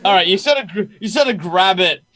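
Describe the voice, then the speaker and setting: A man's voice: high voice, lively intonation, fairly quick, bright, forceful tone. A man narrating as game master of a tabletop game, talking in a hesitant way with many fillers.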